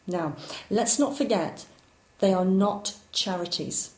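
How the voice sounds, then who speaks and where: A woman giving a recorded course lecture, explaining ideas clearly and at times poking fun at herself. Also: mid-range voice, takes it slowly, a little mellow. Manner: clear, explanatory, occasionally self-deprecating. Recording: roomy echo.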